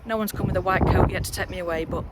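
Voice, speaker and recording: A woman's voice: fairly low pitch, fairly even intonation, racing. A woman chatting casually in a gardening vlog from her allotment, rambling and cheering herself on. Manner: chatty, rambling, self-encouraging. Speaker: allotment vlogger. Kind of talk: casual outdoor vlog chat. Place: windy allotment outdoors. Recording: outdoor wind and traffic noise.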